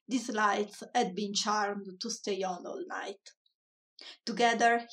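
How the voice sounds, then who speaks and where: Slow, soft-spoken woman reading a story. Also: medium pitch, distant mic. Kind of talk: reading a children's story aloud.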